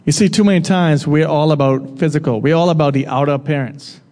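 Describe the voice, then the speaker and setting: In a big, echoing hall, a preacher's sermon rings out with long reverb. His pitch is slightly raised and his tone dark as he talks quickly and conversationally, quizzing the audience and joking with them from time to time.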